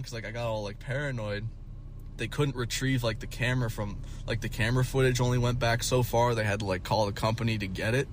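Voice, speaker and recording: A man's voice: medium pitch, steady tone, fast, a little hiss or hum. A man telling a story in a casual vlog, rambling and swearing often, with many fillers. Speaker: vlogger.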